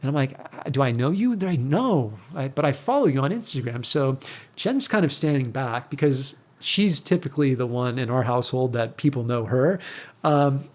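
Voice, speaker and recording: A middle-aged man, a guest on an interview show, telling a story in a casual, animated way and acting out the exchanges he quotes. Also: medium pitch, normal speed.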